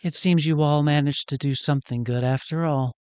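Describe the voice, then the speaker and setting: A man narrating as game master of a tabletop game, measured and dramatic. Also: a little high, steady tone, darkish tone, clear, resonant tone, no echo.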